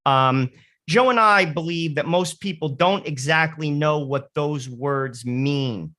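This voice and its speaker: A man's voice: on the high side, takes it slowly, sharp tone. A man co-hosting a Catholic talk radio show, energetically leading a recited prayer and then posing questions to the guest.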